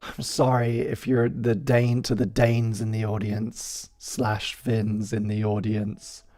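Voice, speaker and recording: A man's voice: fairly low pitch, monotone, slow, a little mellow, faint music behind. A man in his thirties hosting a live stream, chatting casually with joking, self-deprecating asides. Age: 30s.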